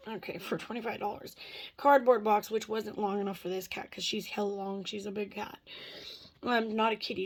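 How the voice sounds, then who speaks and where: A woman's voice: medium pitch, slightly rough. Woman vlogger just rambling, lots of cussing and "dude," everyday voice. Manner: rambling, profane, says "dude" and "like" a lot. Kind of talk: casual chat.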